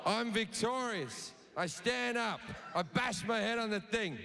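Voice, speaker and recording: A man's voice: high voice, a little slow, vocal fry, few pauses, sharp tone, slight background noise. An Australian man in his thirties doing profane stand-up comedy, telling a story and acting out the dialogue. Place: large theater stage before a live audience. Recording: live concert recording with hall reverb and crowd laughter.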